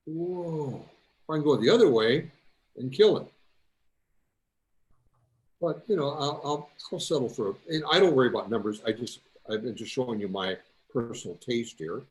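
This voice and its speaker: A man demonstrates photo-editing steps to fellow club members, chatting casually to the group. His pitch moves a lot, giving the talk an animated, folksy feel. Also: moderate pace, long pauses. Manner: folksy, instructive. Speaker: club presenter. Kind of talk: software demo to club.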